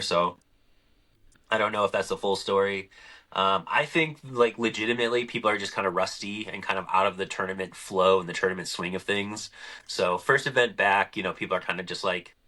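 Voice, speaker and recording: Guy hosting a podcast, kinda low voice, tells stories acting out both sides. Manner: animated storyteller acting out conversations. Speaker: podcast host. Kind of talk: casual podcast chat.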